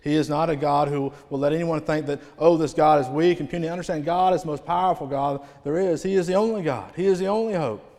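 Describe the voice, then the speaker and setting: A man preaching a revival sermon in a church, rising to loud proclamations and falling to near-quiet phrase endings. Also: fairly high pitch, fast, few pauses. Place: church sanctuary. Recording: long hall reverb.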